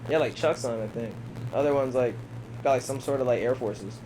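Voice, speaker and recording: A man's voice: medium pitch, a little fast, darkish tone, a little hiss or hum, low-quality recording. A young man, a podcast guest, telling a casual story full of slang, laughing often and acting out the people he quotes.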